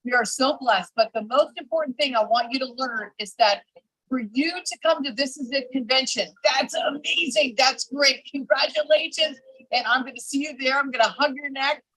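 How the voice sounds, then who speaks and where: Woman, fairly high voice, dry close sound, energetic motivational pep talk, phone video. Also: normal speed, slightly rough, dry recording, poor audio. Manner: energetic, emphatic, repeats "I'm telling you". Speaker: network marketing team leader. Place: public area of a resort hotel.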